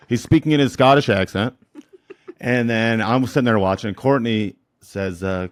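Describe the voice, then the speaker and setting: A man in his thirties, a comedian, chatting casually with a wry, deadpan joking manner. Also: medium pitch, normal speed, no echo, studio quality. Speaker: comedian guest in couples therapy talk. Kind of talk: casual chat.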